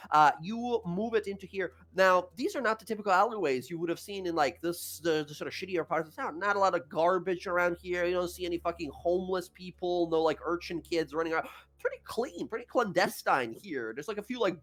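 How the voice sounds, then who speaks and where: A man's voice: sits high, fairly quick, a bit bright. A man casually running a tabletop game as game master, rambling with many fillers.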